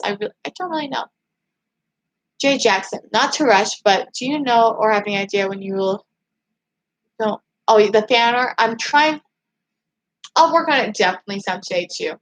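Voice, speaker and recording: A young woman hosting a casual livestream, chatting in an excited, emphatic way as she reads viewer comments. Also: mid-range voice, rough recording. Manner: excited, emphatic, gushing fan talk. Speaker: livestream host.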